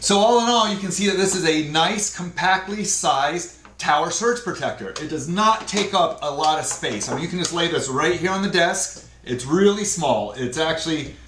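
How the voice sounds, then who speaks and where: A man's voice: on the high side, expressive, moderate pace, few pauses, a bit bright. Man reviewing gadgets in an echoey room. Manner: plain, explaining step by step with fillers. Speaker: product reviewer. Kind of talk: casual unboxing review. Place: indoor room at a desk. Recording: echoey room, faint noise.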